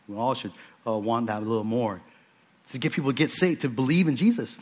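A man preaching an earnest sermon to his own church, stressing points by repeating phrases. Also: mid-range voice. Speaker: pastor.

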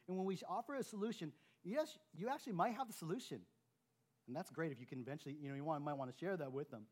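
A male pastor preaching a sermon to his church. His voice sits a little high for a man and swings widely in pitch. He acts out quoted remarks with lively emphasis. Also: fast talker.

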